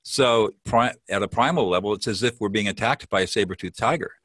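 A man's voice: fairly low pitch, brisk, a bit bright, no echo. A man teaching as an interview guest. He explains with confidence and acts out short example phrases. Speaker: peacemaker and mediation teacher, guest.

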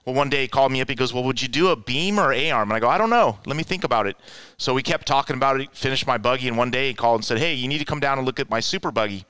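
A man tells stories in a casual, animated way, jumping into the voices of the people he quotes. His voice is bright and clear. The recording is dry, with little room sound. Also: medium pitch, rapid-fire, no room sound. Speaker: guest, offroad racer. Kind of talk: casual storytelling.

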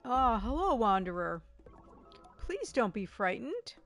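A woman voicing a giant, gentle, motherly female creature queen in a video game, speaking with a gracious, cooing manner. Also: fairly high pitch, big pitch swings, slow pace, faint music behind, full character voice.

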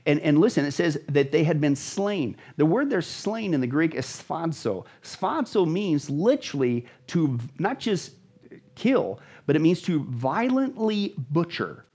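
A man's voice: fairly high pitch, very animated, a little slow, darkish tone, slightly rough. A man, a pastor, explaining Bible prophecy as a guest in an emphatic, dramatic way, repeating words for emphasis. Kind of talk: emphatic Bible teaching in conversation.

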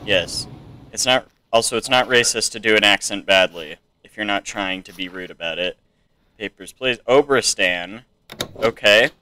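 A young man with a fairly low, bright, forceful voice casually comments on a video game playthrough at a moderate pace. He reads the on-screen text aloud and throws in chatty, joking asides as he plays.

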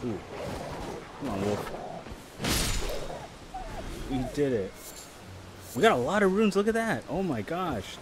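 A man streaming a game live, chatting casually and rambling between loud, excited reactions to the play. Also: on the high side, slow, long pauses, background noise. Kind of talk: casual live gameplay chat.

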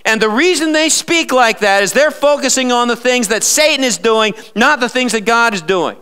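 A man's voice: extremely high pitch, lively intonation, normal speed, bright, forceful tone, clear, resonant tone. A male pastor preaching a live sermon in church, emphatic and fond of sarcastic rhetorical questions.

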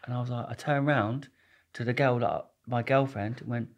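A man's voice: mid-range voice, fairly even intonation, normal speed. A man being interviewed as a guest, telling his story in a rambling, jokey way. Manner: rambling, jokey, restarts a lot.

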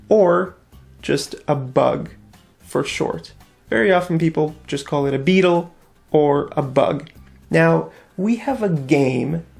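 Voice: mid-range voice, gravelly, darkish tone. A teacher giving a vocabulary lesson to English learners, repeating each new word and asking the class questions.

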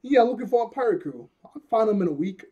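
A man voicing a cheerful, reckless young male pirate from a cartoon, lifting his husky voice higher and louder than his plain talk. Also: big pitch swings, quick pace, lo-fi sound, heavily acted. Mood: excited.

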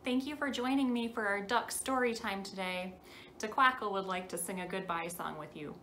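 A woman librarian closing a children's storytime, talking gently and cheerfully to the kids. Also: mid-range voice, normal speed, a little hiss or hum.

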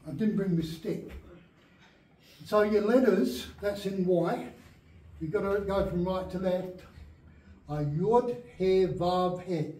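A man's voice: sits high, slow, long pauses, warm tone. A man teaching an adult Bible class, emphatic and often checking that his listeners follow along. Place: church meeting room. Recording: very echoey room, speaker far from mic.

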